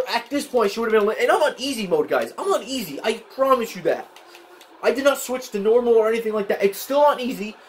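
Brief: young male gamer, high voice, excitable and frustrated play-by-play, faint background hiss. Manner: frustrated, excitable, yells at the game. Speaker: gaming channel host. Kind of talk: live gameplay commentary. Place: home, at a desk in a spinning chair.

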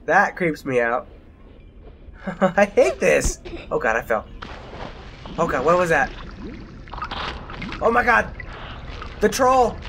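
A man's voice: on the high side, big pitch swings, slow pace, vocal fry, pauses often, noisy background. A young man playing a horror game, jumpy and exclaiming, often mocking himself. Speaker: let's play gamer.

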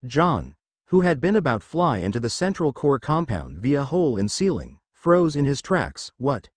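A man narrating a fan fiction story in a steady, expressive reading voice. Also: medium pitch, moderate pace, no echo.

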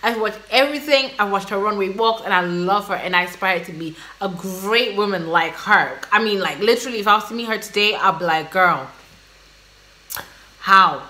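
Woman, reaction host, casual and gushing; bright, forceful tone. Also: mid-range voice, fairly quick, hardly any pauses. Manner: gushing, excitable, exclaiming and laughing.

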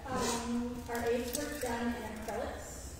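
A woman with a somewhat high voice asks brief questions with a slightly hesitant manner. She sounds far from the mic, in a strongly echoing hall with long reverb and faint background noise. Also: flat delivery, takes it slowly, a crowd in the background. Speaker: event moderator relaying audience questions. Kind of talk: casual questions.

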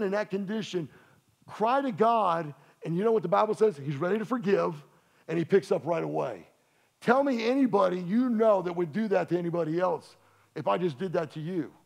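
A man's voice: on the high side, lively intonation, a little fast, gravelly. A man from Louisiana, preaching a sermon in a folksy, joking, conversational way to his church. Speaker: pastor. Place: church sanctuary.

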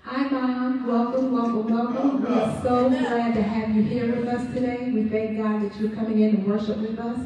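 Woman church service leader, bright higher voice, upbeat and exclamatory; distant mic in a reverberant sanctuary, congregation responding. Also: flat delivery, normal speed, hardly any pauses, a crowd in the background. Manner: upbeat, exclamatory, calls for amens.

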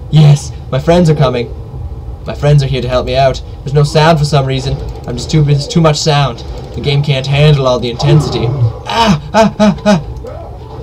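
A man giving joking live commentary while playing a game, yelping and shouting during fights. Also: fairly high pitch, noisy background. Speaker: let's play gamer.

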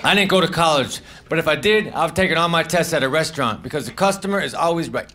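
A man doing a stand-up comedy set on a club stage, delivering deadpan, offhand one-liners into a handheld mic. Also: fast talker. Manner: deadpan, offhand one-liners, drifts into low muttered asides. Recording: live club recording with audience noise. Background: audience laughter.

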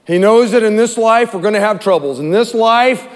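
Animated high-voiced pastor preaching. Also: male voice, normal speed, in a large hall. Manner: animated storytelling with repeated phrases. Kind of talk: sermon.

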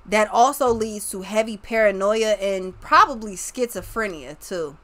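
A young woman giving a casual tarot reading, talking slowly and bluntly with lots of swearing and restarts. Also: mid-range voice, expressive, fairly bright tone. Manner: blunt, profane, slow and drawling with many restarts. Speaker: tarot reader.

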